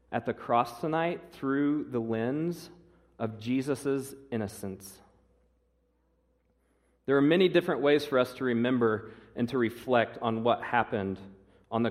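A man as pastor giving a Good Friday sermon, measured, slowing on key phrases, with some fillers. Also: medium pitch, big-room sound. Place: church sanctuary.

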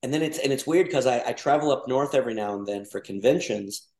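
This Mexican podcast guest has a mid-range, slightly mellow voice and talks fast. He chats loosely, rambling with plenty of fillers and restarts, while the room adds an echo.

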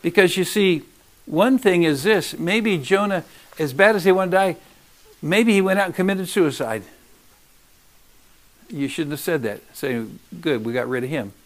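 Man, preacher, sermon, high-pitched, emphatic, loud and hushed by turns. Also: lively intonation, a little slow, long pauses. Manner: emphatic, swinging between loud urging and hushed asides.

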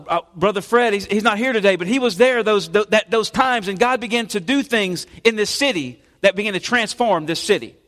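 A high-voiced man, preaching in an easy, conversational way that often stops and starts over. His voice carries the long reverb of a church sanctuary. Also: fairly bright tone. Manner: conversational, halting preaching with repeated restarts. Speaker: pastor. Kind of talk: sermon.

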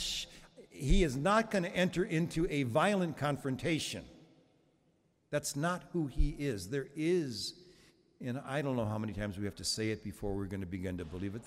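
A Catholic priest in his seventies, with a mid-range voice, delivers a sermon in a conversational, humorous storytelling way. He restarts his sentences often, and a long reverb tail follows his words.

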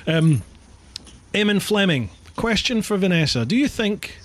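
A man's voice: high-pitched, big pitch swings, measured pace, a bit bright. A Scottish man hosting a casual chat over a call, chatty and self-deprecating, laughing often. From Scotland. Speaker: podcast host.

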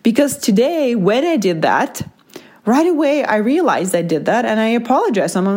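A woman, a mother, telling a personal story in a casual, reflective monologue. She often checks in with "right?" and "like", and speeds up and slows down within a sentence. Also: fairly high pitch, big pitch swings, darkish tone.

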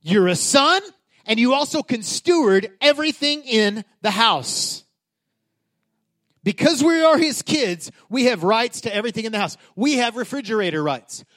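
Pastor, male, middle-aged, light high voice, chatty sermon delivery that swells into emphatic lines. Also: expressive, moderate pace, fairly bright tone. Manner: conversational preaching with rising emphatic peaks.

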